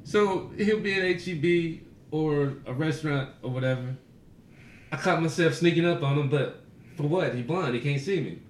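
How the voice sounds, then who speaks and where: A man's voice: fairly high pitch, normal speed, slight background noise. Laughing, swearing man in a roomy space. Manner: profane, laughs often through his stories. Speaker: podcast co-host. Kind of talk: casual storytelling chat. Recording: roomy echo.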